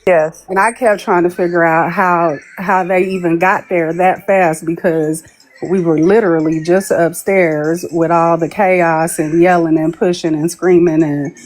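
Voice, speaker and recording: With a fairly low, steady, slightly mellow voice at a measured pace, a woman appearing as a guest on a live stream recounts a long story. She's chatty and laughs while telling it, playing out the quoted people's lines in casual storytelling.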